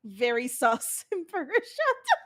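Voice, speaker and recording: Giggly, animated woman. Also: sits high, takes it slowly. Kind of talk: casual chat.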